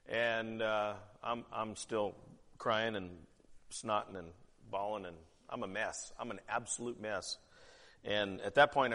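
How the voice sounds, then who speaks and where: A pastor's sermon fills a church hall, the long reverb trailing his voice, which is on the low side with a fairly bright tone. He speaks candidly and conversationally, dropping in emphatic asides.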